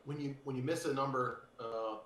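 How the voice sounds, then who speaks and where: A man's voice: medium pitch, steady tone, moderate pace, a bit bright. Cocky male darts player, roomy call audio. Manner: cocky, joking, talkative. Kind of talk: post-match interview. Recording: roomy sound with faint noise.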